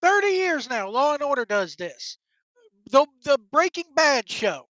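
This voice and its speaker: A woman's voice: high voice, big pitch swings, a little slow, fairly bright tone, no room sound. A woman hosting a wrestling talk show, delivering a blunt, profane, exasperated solo rant. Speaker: wrestling commentary host. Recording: dull, dry lo-fi sound.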